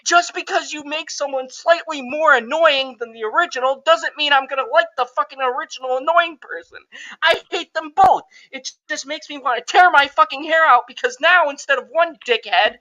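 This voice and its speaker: A middle-aged man hosting a podcast, ranting loudly and swearing, exasperated. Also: very high voice, brisk, highs cut off. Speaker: podcast host. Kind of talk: profane movie rant.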